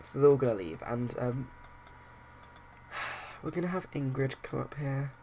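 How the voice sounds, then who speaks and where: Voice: medium pitch, unhurried, darkish tone, slight background noise. A host narrating a life-simulation game casually, retelling scenes with quoted lines. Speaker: let's play host.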